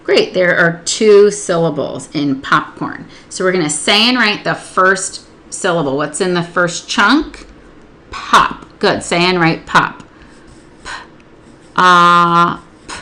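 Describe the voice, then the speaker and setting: A woman with a rather low voice that still sounds bright and crisp walks through a spelling lesson. She explains each step patiently and stretches words out slowly to sound them into syllables. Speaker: literacy tutor. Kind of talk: instructional demonstration.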